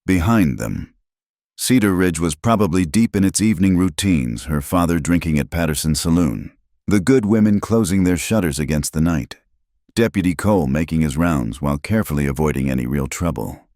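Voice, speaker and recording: A male storyteller reads a frontier tale in a calm, unhurried, scripted delivery. His voice is extremely low and deep. The recording is dry and close-miked. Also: dry recording. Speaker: narrator.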